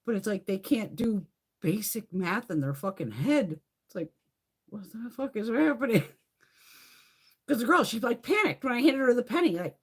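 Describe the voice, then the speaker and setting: A middle-aged woman hosting a casual live chat, telling stories in a profane, animated way and laughing often. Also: mid-range voice, normal speed, husky. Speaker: livestream host.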